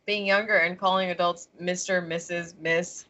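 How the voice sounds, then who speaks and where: A woman's voice: on the low side, steady tone, moderate pace, sharp tone. A woman co-hosting a podcast in casual chat, chatty and playful, laughing easily. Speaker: podcast co-host. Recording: dull lo-fi podcast audio.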